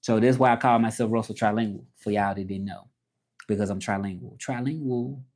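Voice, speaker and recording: A man's voice: fairly low pitch, fairly even intonation, brisk, a little mellow. A man hosting a casual livestream, rambling with restarts and reading chat comments aloud. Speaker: livestream host. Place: home, livestreaming from Mexico.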